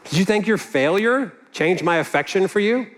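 A man's voice: high voice, lively intonation, moderate pace, in a large hall. A man voicing a tender, compassionate teacher. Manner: tender, searching questions. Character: gentle, compassionate adult male teacher reassuring a friend.

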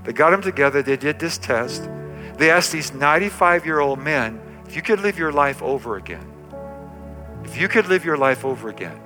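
Older guy pastor preaching in church, kinda high voice, punchy, says everything twice. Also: animated, normal speed, music in the background. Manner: emphatic, repetitive preaching with call-and-response. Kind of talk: sermon. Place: church sanctuary.

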